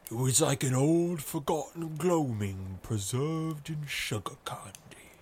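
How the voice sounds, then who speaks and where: A man voicing a scrawny bearded sailor with a husky, eerie drawl. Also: a little high, takes it slowly, a little mellow, slight background noise, pitched above the performer's own voice. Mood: haunted.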